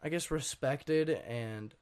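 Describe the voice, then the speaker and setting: A young man, a guest on an interview show, telling his story in a rambling, casual way, full of fillers and frequent throat clearing. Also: a little high, slow pace, darkish tone. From Washington state. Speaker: guest artist.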